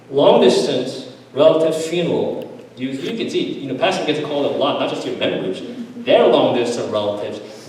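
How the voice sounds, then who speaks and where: Pastor echoing from far across a hall. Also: male voice, mid-range voice, a little mellow. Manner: earnest, building to emphatic repeated lists. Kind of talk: seminar talk told through stories. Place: church hall.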